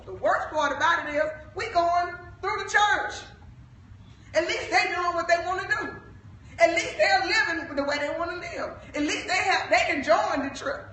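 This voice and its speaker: A woman evangelist, exhorting the young people of her church, fervent and at times shouting. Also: high voice, a little hiss or hum. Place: church sanctuary. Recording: echoey church, mic from a distance.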